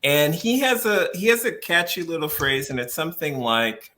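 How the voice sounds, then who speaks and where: Lively, bright-voiced male podcast guest. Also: fairly high pitch, normal speed, few pauses. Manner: animated, laughs often while explaining; restarts phrases while thinking. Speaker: guest policy researcher. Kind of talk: podcast interview.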